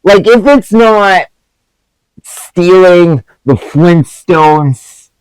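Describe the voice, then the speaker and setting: A man's voice: high-pitched, lively intonation, drawn-out words, clean tone, dry recording, rough recording. A man reviewing movies in a profane, sarcastic comedic rant. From Canada.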